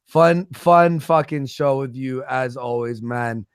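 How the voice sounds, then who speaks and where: A man's voice: mid-range voice, slow, clear, resonant tone, no room sound, clean studio sound. A man rambling through profane stories in a casual livestream chat.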